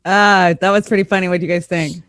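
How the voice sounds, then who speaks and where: A man hosting a casual talk show, enthusiastic and quick to agree. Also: high-pitched, steady tone, fairly bright tone, clean tone, dry recording. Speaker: show host. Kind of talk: casual chat.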